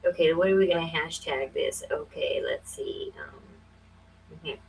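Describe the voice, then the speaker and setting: A woman in her forties hosting a casual livestream, thinking aloud with many fillers and breaking into quick, emphatic, conspiratorial bursts. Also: low-pitched, sing-song, vocal fry, slight background noise, low-quality recording. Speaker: livestream host.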